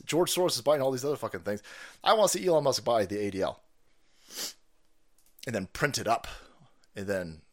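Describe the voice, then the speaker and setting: A man hosting a political stream, ranting in a foul-mouthed way with frequent laughs. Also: fairly low pitch. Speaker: streamer host. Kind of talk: profane political rant stream.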